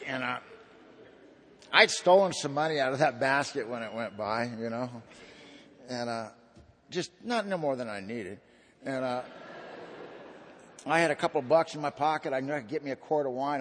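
A man speaking at a recovery meeting, telling his own story in a folksy, slangy way, swinging between loud and hushed. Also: mid-range voice, moderate pace, pauses often, slight background noise. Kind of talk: personal testimony talk. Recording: long hall reverb.

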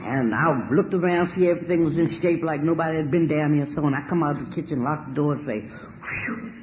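A woman giving a spoken personal testimony, animated and emphatic, swearing freely and laughing as she tells it. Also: deep voice, fast, highs cut off, slight background noise. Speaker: storyteller sharing a personal testimony.

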